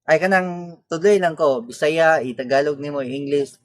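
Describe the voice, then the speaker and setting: Woman, deep voice, loud, insistent, repeats herself, casual chat. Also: normal speed, no room sound. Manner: loud, urging, repeating words. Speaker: friend directing the recording.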